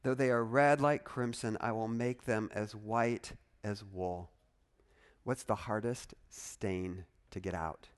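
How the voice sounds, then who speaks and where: A man preaching a sermon as a pastor, in an animated, conversational way with frequent asides to the congregation. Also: on the low side, takes it slowly.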